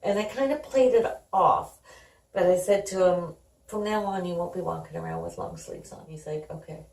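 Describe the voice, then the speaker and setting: A woman's voice: fairly low pitch, sing-song, moderate pace, darkish tone. Middle-aged mother recounting family stories. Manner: conversational, reenacts dialogue. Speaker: guest. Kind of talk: candid personal storytelling. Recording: roomy sound, distant from the mic.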